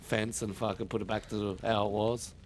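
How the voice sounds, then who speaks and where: A man's voice: fairly low pitch, level tone, normal speed, a little hiss or hum. A man with an Australian accent telling a story over game voice chat, swearing constantly. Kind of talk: casual voice chat while gaming.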